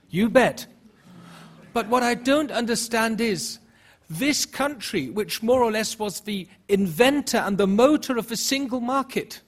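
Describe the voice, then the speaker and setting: A man whose first language is German, speaking at a public debate with earnest rhetorical questions and halting restarts. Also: high-pitched. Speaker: panel speaker.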